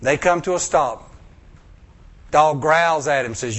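A male preacher, telling a story in a sermon, acting out voices and swinging from loud bursts to hushed lines. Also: fairly high pitch, slow.

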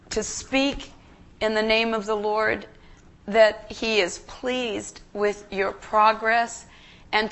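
Slow-speaking earnest woman preaching. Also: mid-range voice, fairly bright tone. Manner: emotional, halting, earnest with restarts. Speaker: guest preacher. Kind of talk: sermon. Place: church.

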